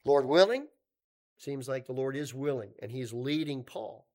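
A male pastor preaching a sermon in a conversational way, moving between emphatic points and quiet asides. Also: mid-range voice, expressive, normal speed.

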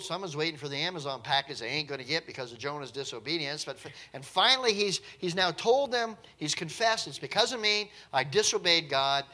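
A man's voice: on the high side, sharp tone. A man preaching a sermon in a conversational, emphatic way, with light chuckles now and then.

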